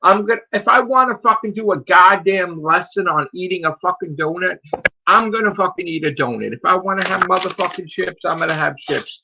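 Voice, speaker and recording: Profane, mocking New stream host; bright, husky voice on a dull lo-fi recording. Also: male voice, sits high, brisk. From United States. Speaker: channel host. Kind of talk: casual stream chat.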